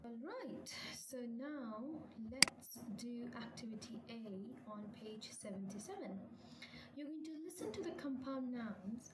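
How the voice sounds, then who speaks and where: A woman with a slightly high voice walks learners through textbook exercises, repeating and rephrasing each instruction and correcting her own slips. Her voice rings in an echoey room, with clear noise underneath. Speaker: English teacher. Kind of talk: classroom lesson walkthrough.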